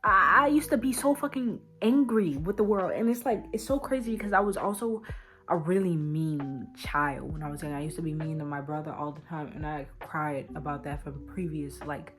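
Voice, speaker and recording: A woman's voice: sits low, normal speed, over music. A young woman talking candidly and emotionally to her camera in a casual vlog. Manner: candid, emotional, swings from quiet to loud. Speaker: vlogger.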